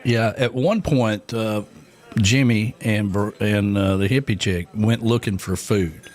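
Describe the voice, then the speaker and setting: A man's voice: on the low side, a little slow, a little mellow. A man, co-hosting a casual radio show and telling rambling stories full of fillers. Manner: rambling storyteller, many fillers and laughs. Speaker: radio co-host.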